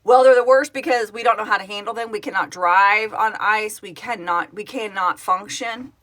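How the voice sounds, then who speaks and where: Her medium-pitched voice is fairly bright and moves at a normal speed. This middle-aged Oklahoma woman, a project founder, hosts a relaxed phone live stream from home, wandering through chat and viewer comments and often correcting herself.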